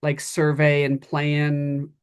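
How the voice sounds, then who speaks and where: Flat, slow, clear-voiced board member. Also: medium pitch. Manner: tentative, restating what others said. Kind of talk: meeting discussion.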